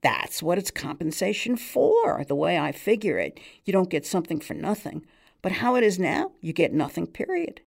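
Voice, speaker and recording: A woman's voice: lowish voice, big pitch swings, moderate pace, creaky, exaggerated voice. A woman reading aloud, voicing an eager New York barman who talks in folksy working-class slang with a New York accent. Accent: New York, put on. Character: chatty New York male barman, hopeful.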